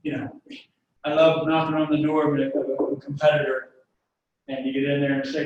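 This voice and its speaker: A man's voice: on the high side, flat delivery, normal speed, a little mellow, muffled recording. A man giving a webinar sales presentation, talking straight to his audience in a folksy, story-driven way. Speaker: sales trainer. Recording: echoey room, distant mic, faint noise.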